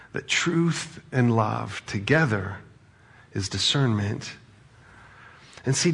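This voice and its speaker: Gravelly-voiced male pastor preaching. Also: mid-range voice. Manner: conversational, asks the audience questions. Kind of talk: sermon.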